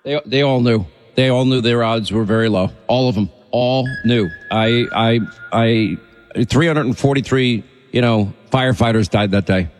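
A man's voice: medium pitch, normal speed, long reverb tail, soft background music. A man hosting a talk radio show, speaking in an urgent and insistent way.

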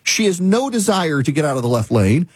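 A man's voice: on the high side, sing-song, a little fast, breathy edge, dry recording. A middle-aged man hosting a talk show, ranting in casual, exasperated commentary.

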